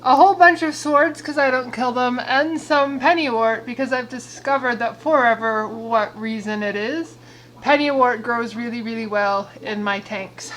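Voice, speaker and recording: A woman's voice: on the high side, moderate pace, fairly bright tone, poor audio. A woman chatting casually in a home vlog, out of breath and slipping into baby talk with her pets. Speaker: vlogger. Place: home, indoors.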